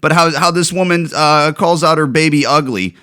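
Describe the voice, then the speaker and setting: A man's voice: on the high side, normal speed, bright, forceful tone, clean tone. A man hosting a podcast, ranting in a profane, exasperated way about viral videos and stumbling over repeated words. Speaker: podcast host.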